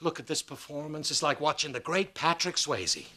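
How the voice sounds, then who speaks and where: A man's voice: a little high, expressive, moderate pace, very noisy, natural voice. A man playing a sarcastic sitcom dad. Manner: sarcastic, wisecracking. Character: sarcastic blustering sitcom dad, middle-aged. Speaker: father. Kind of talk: multi-camera sitcom acting.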